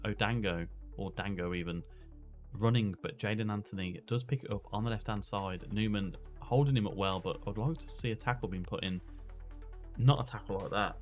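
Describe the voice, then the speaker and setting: A young man with a slightly low voice narrates his football management game like a match commentator. He gets excited as chances come and goes, then slows down to think through substitutions and tactics. Faint music plays quietly behind him. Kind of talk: gameplay commentary.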